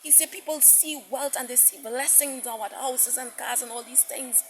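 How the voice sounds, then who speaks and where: A woman's voice: high-pitched, moderate pace, background noise. A woman preaching a sermon message with passion, repeating herself, stammering into restarts and quoting God at length. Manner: impassioned, repetitive, quotes God at length.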